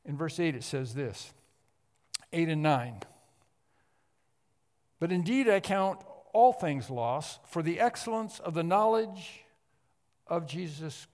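A man preaching an expository sermon, emphatic and repetitive, often clearing his throat. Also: on the high side. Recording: long hall reverb.

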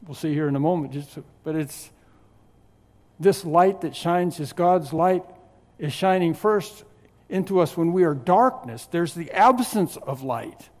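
A man preaching a sermon as pastor, teaching through a scripture passage with slow, emphatic stress on key words and some dry humor. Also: fairly high pitch, expressive, darkish tone. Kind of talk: expository sermon. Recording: long hall reverb.

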